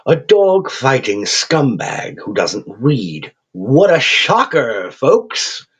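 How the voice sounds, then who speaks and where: A man's voice: medium pitch, sing-song, takes it slowly, husky, voice pushed up, exaggerated voice. A man voicing a gleeful raven-headed male demon game show host, crooning and mocking with an English accent. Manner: cheerful crooning showman, mocking. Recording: dull lo-fi recording.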